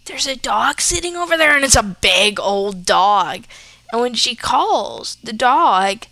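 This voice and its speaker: A woman's voice: on the high side, lively intonation, takes it slowly, gravelly, bright, forceful tone, dry recording. A young woman casually telling a gruesome story, rambling with fillers and restarts.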